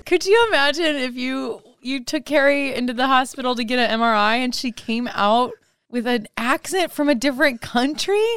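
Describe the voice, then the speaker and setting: Woman co-host, clear smooth tone, dry close sound, chatty and curious. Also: high voice, normal speed, a bit bright, dry recording. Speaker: podcast co-host. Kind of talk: casual chat.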